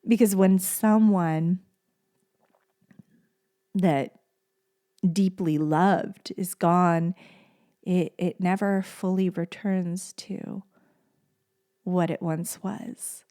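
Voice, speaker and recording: A woman hosting a podcast, speaking in a gentle, soft-spoken and tender way and repeating phrases for emphasis in a heartfelt solo monologue. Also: on the low side, fairly even intonation, extremely slow, pauses often. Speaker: podcast host.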